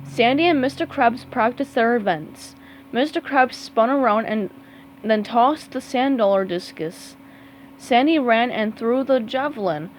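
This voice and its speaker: A woman reading a children's storybook aloud in an expressive way. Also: fairly high pitch, a little hiss or hum, rough recording. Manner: slow, expressive read-aloud. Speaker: storybook reader.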